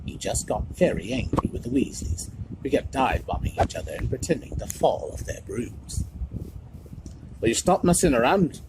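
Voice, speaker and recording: A man streaming, reading a storybook aloud in an expressive manner. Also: mid-range voice, moderate pace. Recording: noisy home stream recording.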